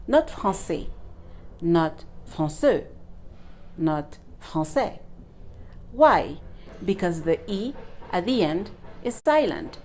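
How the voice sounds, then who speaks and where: A woman gives a French lesson to learners, speaking slowly and with patience. She repeats each sound many times to demonstrate it, and her voice sits a bit low. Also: darkish tone, a little hiss or hum. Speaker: French teacher. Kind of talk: online language lesson.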